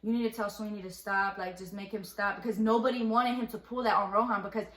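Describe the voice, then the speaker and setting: A young woman casually telling a storytime, rambling and animated, acting out what people said, full of slang. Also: mid-range voice, quick pace, echoey room. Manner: rambling, animated retelling with quoted dialogue and slang.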